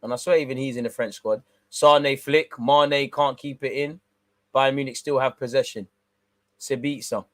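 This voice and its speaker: A man's voice: mid-range voice, moderate pace, dry recording. Slangy man calling a live match. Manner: slangy, excitable bursts over calm play-by-play. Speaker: watch-along host. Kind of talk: live football watch-along commentary with banter.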